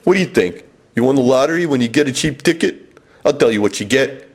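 A man's voice: mid-range voice, expressive, fast. A man voicing his own father as a sarcastic, hectoring older man who rants. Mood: mocking. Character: narrator's scornful father, a man of the older generation, nagging.

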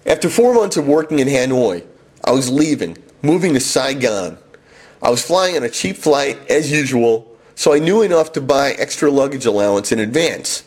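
A man telling a comic personal travel story with wry, deadpan self-mockery. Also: mid-range voice, normal speed, husky.

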